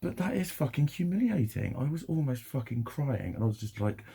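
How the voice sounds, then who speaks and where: A man's voice: mid-range voice, animated, normal speed, gravelly, warm tone, breathy edge. A young man ranting to camera in a sweary, rambling, heated way. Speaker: vlogger.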